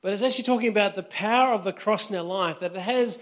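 Man, pastor, sermon, high-pitched voice, chatty preaching, checks in with the congregation. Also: quick pace, a bit bright. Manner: conversational preaching, checks in with listeners often.

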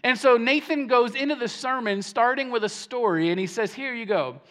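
A man preaching a sermon as pastor, animated and emphatic, often repeating words as he starts a phrase. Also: very high-pitched, brisk. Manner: animated preaching, swings between hushed and emphatic.

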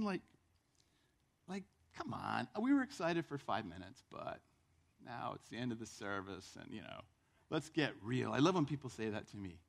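Animated gravelly male preacher. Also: mid-range voice, normal speed. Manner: lively storytelling, acting out voices. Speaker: pastor. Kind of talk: sermon. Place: church.

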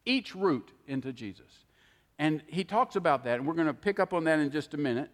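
A man delivers a sermon in an earnest, emphatic teaching manner. His voice sits a little higher than most men's. It rings out with a long hall reverb. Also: lively intonation, a little fast. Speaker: preacher.

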